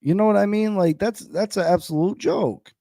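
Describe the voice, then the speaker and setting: Male sports podcast host, mellow dark voice, dry close sound, heated and incredulous, repeats himself for emphasis. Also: high voice, moderate pace, vocal fry, no echo.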